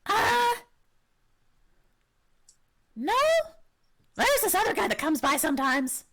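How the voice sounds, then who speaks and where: A woman voicing an eager, simple-minded kobold who answers in halting bits with many drawn-out uhs. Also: sits high, sing-song, fairly bright tone, voice pushed up, full character voice. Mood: eager, vague.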